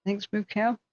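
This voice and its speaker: Tired, slightly hoarse woman streaming. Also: medium pitch, darkish tone, no echo, highs cut off. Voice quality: slightly hoarse, clears throat. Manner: thinking aloud, chatty with chat viewers. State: tired after staying up all night. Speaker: wildfire tracking livestream host. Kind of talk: casual live commentary to viewers.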